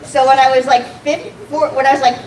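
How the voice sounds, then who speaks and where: A woman's voice: high-pitched, flat delivery, fast talker. A woman doing a stand-up set, self-deprecating, swearing and laughing at her own jokes. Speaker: stand-up comic. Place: comedy club stage. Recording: echoey room from far off, noisy.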